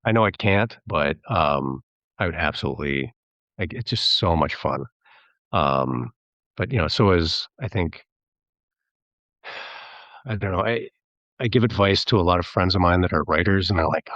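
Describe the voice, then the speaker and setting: Brief: very deep male voice, talkative filmmaker guest, dry dull lo-fi sound. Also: lively intonation, measured pace, pauses often, a bit bright, no echo. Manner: chatty, rambling, slips into mimicking voices when quoting. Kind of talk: casual podcast interview.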